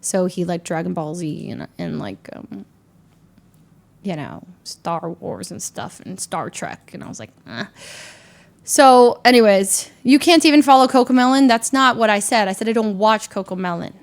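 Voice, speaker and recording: A woman livestreamer in casual chat with her viewers, rambling and animated, often laughing at herself and restarting her sentences. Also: medium pitch, normal speed, vocal fry. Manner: rambling, animated and self-deprecating, with frequent restarts.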